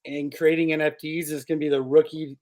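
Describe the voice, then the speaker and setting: Male host, upbeat and jokey, a touch higher voice than usual. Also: flat delivery, a little fast, darkish tone, rough recording. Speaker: podcast host. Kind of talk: casual podcast chat.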